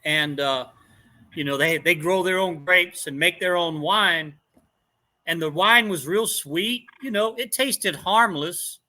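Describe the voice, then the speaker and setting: A middle-aged man with a high, very bright voice, telling stories in a casual chat. He talks animatedly, putting on voices for the people in his tale and laughing along. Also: slow.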